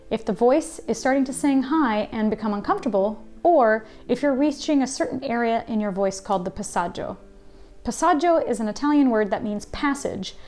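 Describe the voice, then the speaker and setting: A woman voice teacher giving a scripted singing lesson, explaining clearly and now and then demonstrating sounds. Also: fairly high pitch, a little mellow, echoey room. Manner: clear instructive delivery with sung demonstrations.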